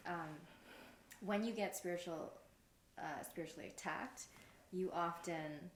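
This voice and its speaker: A woman's voice: fairly low pitch, unhurried, roomy sound, a little hiss or hum, low-quality recording. A woman hosting an interview, leading with conversational questions. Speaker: podcast host. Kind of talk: casual interview.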